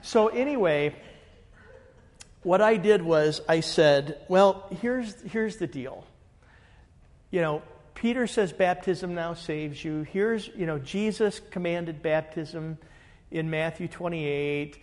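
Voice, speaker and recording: A man, a pastor, telling a story in a lively way and acting out the dialogue. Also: a little high, slow pace, big-room sound. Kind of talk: animated storytelling.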